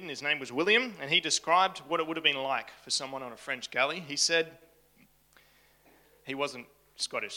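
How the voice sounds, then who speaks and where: A man's voice: on the high side, sharp tone. A man giving a casual history talk to a live audience in a room, chatty and full of joking asides. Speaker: camp speaker.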